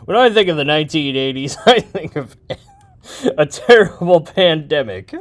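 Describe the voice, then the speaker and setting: A man's voice: a little high, animated, moderate pace, slight background noise. Rambling man making a beat. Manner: rambling, joking, thinking aloud. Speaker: music producer. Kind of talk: casual talk while making a beat.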